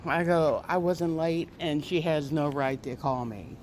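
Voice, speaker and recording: Slow-talking woman acting out dialogue. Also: sits low, a little hiss or hum. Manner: animated, acts out quoted dialogue in a raised voice. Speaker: campus security officer. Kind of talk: casual storytelling vlog. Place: walking to her car through a parking garage. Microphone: phone held while walking.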